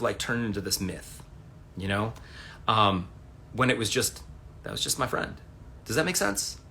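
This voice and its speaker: With a mid-range voice touched by vocal fry, this forties-aged man chats on a home livestream through his phone, with slight noise in the background. His storytelling is animated, profane, and wandering.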